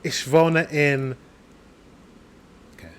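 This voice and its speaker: A British man hosting a reaction video, chatting casually, laughing often and slowly repeating phrases he is learning. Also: on the high side, fairly even intonation, clean tone. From England.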